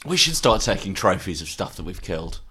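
Man, tabletop player, animated, eager chat. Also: low-pitched, a little fast. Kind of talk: casual tabletop game chat.

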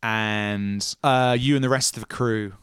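A man narrating a tabletop game as game master, with measured storytelling and casual asides. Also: on the low side, fairly even intonation, fairly bright tone, smooth, no room sound, clean studio sound.

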